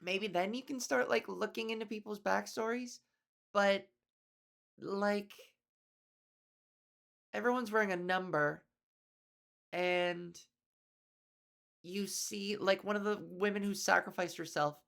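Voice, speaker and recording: Gravelly-edged woman ranting on a podcast. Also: mid-range voice, slow pace, pauses often. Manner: animated, swears a lot, acts out people. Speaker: comedy podcast host. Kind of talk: casual rambling monologue.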